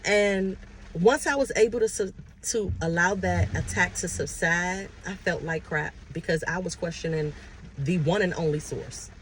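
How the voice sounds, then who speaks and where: A woman's voice: lowish voice, moderate pace, a little hiss or hum. A woman talking earnestly and casually about her faith, sharing personal testimony while driving her car. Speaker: spiritual vlogger. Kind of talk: casual motivational talk.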